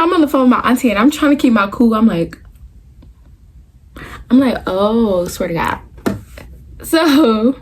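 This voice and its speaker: A young woman in her twenties telling a casual storytime, candid and profane, talking straight to viewers in loose, rambling asides. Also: mid-range voice. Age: 20s. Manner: talks in loose run-on asides, restarts the story. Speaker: vlogger.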